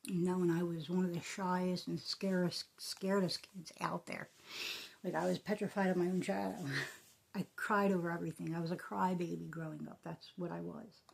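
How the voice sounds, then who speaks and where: A woman telling a personal story in a soft, halting, emotional way, often dropping into a breathy whisper. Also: fairly low pitch. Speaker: vlogger.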